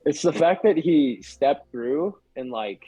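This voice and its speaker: A man's voice: a little high, expressive, slow, warm tone, breathy edge, no echo, soft background music, rough recording. A young man, a podcast guest, chatting casually and rambling with lots of filler words. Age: young adult. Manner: rambling, hedging with many "like"s. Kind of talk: casual chat.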